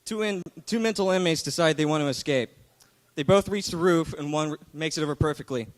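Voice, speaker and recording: A young man telling a joke to an assembly, quick and stumbling at first. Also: fairly high pitch.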